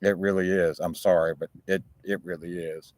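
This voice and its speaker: A man's voice: sits low, flat delivery, normal speed, darkish tone, dry recording. A man with a Southern American accent hosting a rambling, casual live talk show, chatting informally with frequent restarts. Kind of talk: casual live-stream chat. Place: outdoors, chilly.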